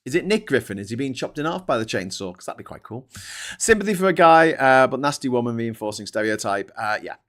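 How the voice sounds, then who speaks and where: A man's voice: mid-range voice, very animated, fast talker, fairly bright tone. A man hosting a casual live-stream show, reading out news and commenting with sarcasm, swearing and many restarts. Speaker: host.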